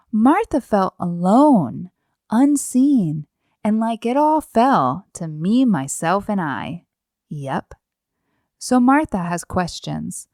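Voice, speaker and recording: A woman's voice: mid-range voice, very animated, takes it slowly, darkish tone, no room sound, clean studio sound. A middle-aged woman hosting a devotional podcast, speaking in an earnest, reflective way with rhetorical questions and repeated phrases. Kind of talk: devotional talk.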